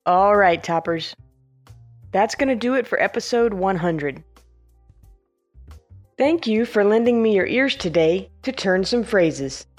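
A woman's voice: medium pitch, lively intonation, a little slow, pauses often, faint music behind. A woman hosting a podcast, talking in a playful, self-mocking way. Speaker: podcast host. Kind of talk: scripted podcast outro and blooper chat.

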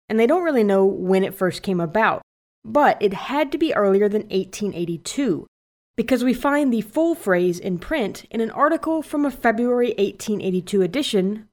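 A woman's voice: mid-range voice, a little mellow. A woman hosting a podcast, explaining a phrase's origin in a light, teasing way. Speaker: podcast host. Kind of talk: scripted explainer narration.

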